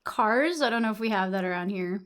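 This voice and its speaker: A woman's voice: medium pitch, animated, brisk, a bit bright, smooth. A young woman from Massachusetts chatting casually with her stream audience, answering chat messages and swearing freely.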